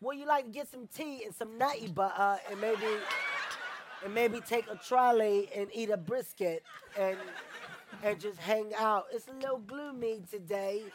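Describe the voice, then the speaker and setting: A man putting on a deliberately bad mock English accent, laughing as he goes. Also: high-pitched, noisy background, pitched above the performer's own voice, lightly acted. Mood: playful.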